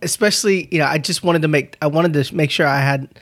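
A man's voice: on the high side, fast, fairly bright tone. A man in his forties, a podcast guest, talking in an easygoing way with small restarts. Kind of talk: casual interview chat.

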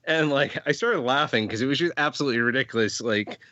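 A man's voice: mid-range voice, sharp tone, no room sound. A man co-hosts a podcast in a chatty, casual way, leaning heavily on fillers. His voice sits mid-range and comes through a dry, slightly muffled mic with no room sound. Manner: chatty, full of "like" and quick laughs. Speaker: podcast co-host. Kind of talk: casual chat.

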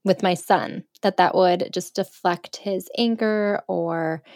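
Lower-voiced mother reflecting. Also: steady tone, slow, a little mellow, no room sound, studio quality. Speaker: guest mother. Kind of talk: casual conversation.

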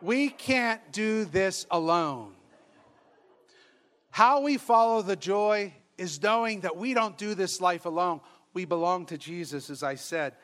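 A man's voice: sits high, a little slow, fairly bright tone. A man preaching as a priest, telling funny stories with exuberance and acting out the voices of the people in them. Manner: exuberant and humorous, laughing as he tells stories; acts out quoted voices. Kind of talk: storytelling sermon.

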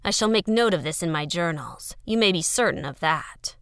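A woman's voice: on the low side, animated, normal speed, smooth, no room sound, studio quality. A woman voicing a barking alien larva scientist. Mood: curt. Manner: barking, curt and loud. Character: irritable male giant larva scientist.

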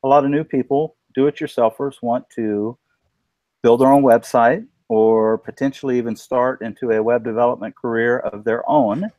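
A man hosts a casual live panel chat. He talks in a loose, upbeat way with plenty of fillers, in a middle pitch. The sound is dry and close. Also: steady tone, moderate pace, dry recording, dull audio. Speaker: podcast host.

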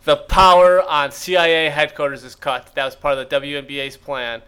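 Guy on a comedy podcast, rambly and riffing, bright crisp voice. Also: fairly high pitch, flat delivery, moderate pace. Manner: rambling, riffing with filler words and quoted character bits. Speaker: podcast co-host. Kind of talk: improvised comedy podcast banter.

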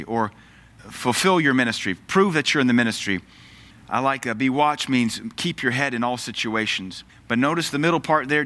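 A man's voice: mid-range voice, normal speed, sharp tone. A man preaching a sermon in an earnest, emphatic way, quoting scripture.

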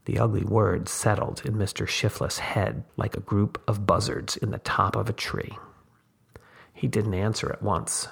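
A man reads a short story aloud in a measured, deliberate way. His voice is low and gravelly, with a husky edge. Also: fairly even intonation. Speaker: narrator. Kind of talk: story reading.

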